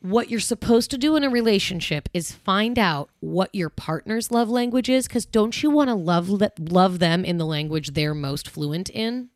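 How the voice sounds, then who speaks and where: A woman's voice: mid-range voice, lively intonation, normal speed, hardly any pauses, no room sound, studio quality. A woman in her thirties hosting a podcast, chatting casually about relationships and laughing easily. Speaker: podcast host.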